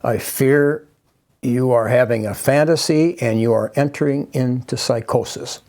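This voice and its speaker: An older man recounting a cold, clinical psychiatrist with a Polish accent and a gravelly edge, his warnings delivered gravely and slowly. The voice sits at an ordinary middle pitch. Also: darkish tone, natural voice.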